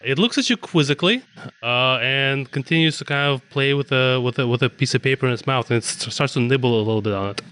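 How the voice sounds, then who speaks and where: A man narrating a tabletop game as game master, relaxed and halting, with many fillers. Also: medium pitch, smooth.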